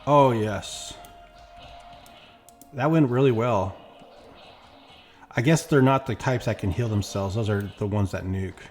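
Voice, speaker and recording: A man's voice: fairly low pitch, measured pace, long pauses, darkish tone. A man chatting casually while playing a game, rambling and acting out quoted exchanges. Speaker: gameplay streamer. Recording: faint background music.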